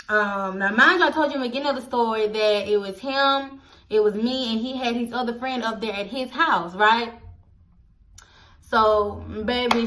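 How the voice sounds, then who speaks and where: A young woman, casually telling a storytime vlog, animated and addressing viewers directly. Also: on the high side. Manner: animated, acts out quoted voices, addresses viewers as y'all. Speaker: storytelling vlogger.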